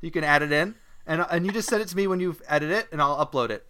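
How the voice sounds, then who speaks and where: Bright-voiced Australian man hosting. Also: on the high side, quick pace. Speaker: podcast host. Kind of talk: casual comedy chat.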